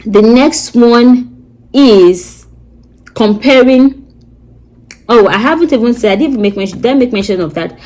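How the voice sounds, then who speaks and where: A woman's voice: on the high side, expressive, unhurried, pauses often, warm tone, low-quality recording. A woman, giving earnest, repetitive advice straight to camera in a vlog. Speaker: vlogger.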